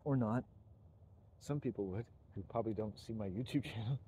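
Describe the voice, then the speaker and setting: A middle-aged man talks to camera in an earnest, rambling personal monologue and drops the occasional curse. His voice sits low and sounds deeply mellow and dark. A faint hum of vehicle noise runs underneath. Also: a little fast, rough recording. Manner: earnest, rambling, swears when stirred. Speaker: YouTuber.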